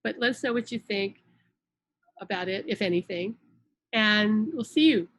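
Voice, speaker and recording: A woman's voice: mid-range voice, normal speed, fairly bright tone, low-quality recording. Earnest woman relaying spirit messages. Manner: earnest, repeats words while relaying messages. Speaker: psychic channel hosting a live stream. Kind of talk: casual spiritual live-stream talk. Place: room indoors at home.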